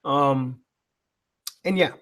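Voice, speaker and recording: A man's voice: medium pitch, very slow, fairly bright tone. A tired, yawning man hosting a live chat, reading viewer comments and bantering back with loose, profane teasing. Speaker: YouTube channel host.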